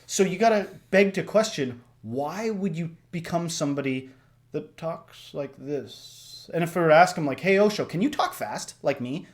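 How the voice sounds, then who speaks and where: A man hosting a casual reaction discussion, talking in an animated way that swings up and down. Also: a little fast, hardly any pauses. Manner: animated, shifts pitch and loudness a lot, acts out voices. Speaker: reaction video host.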